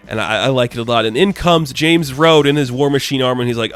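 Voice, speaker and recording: A man's voice: medium pitch, steady tone, fast, hardly any pauses, a bit bright, soft background music. A man giving a casual, enthusiastic comic book recap, chatty and loose, with casual swearing.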